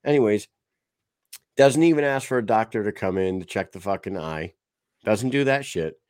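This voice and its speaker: A man's voice: fairly low pitch, animated, normal speed, a little mellow, no room sound, studio quality. A man in casual sports chat on a podcast, telling rambling, profane stories with lots of animation. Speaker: podcast co-host.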